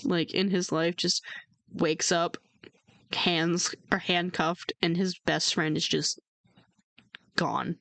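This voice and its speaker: A woman's voice: on the low side, level tone, slow pace, vocal fry, long pauses, a bit bright, no room sound. A woman streamer giving playful, chatty commentary while playing a game. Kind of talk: let's play commentary.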